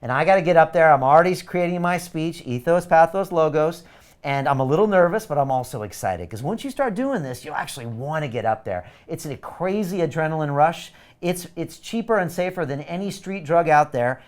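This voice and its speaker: His pitch fairly high and his pace fairly quick, a man delivers a live webinar sales pitch for his course. He comes across as pushy and energetic, urgently and emphatically pressing viewers to join.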